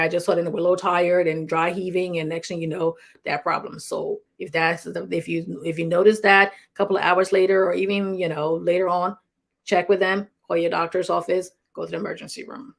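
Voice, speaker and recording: A middle-aged woman from Liberia, a clinician, giving casual safety tips to an online audience in a rambling, conversational way with many restarts and chuckles. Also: lowish voice. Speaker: health talk host, clinician.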